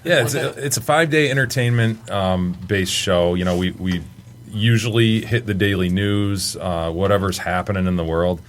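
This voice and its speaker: A man's voice: low-pitched, normal speed. A man on a casual podcast who makes dry wisecracks and explains the show.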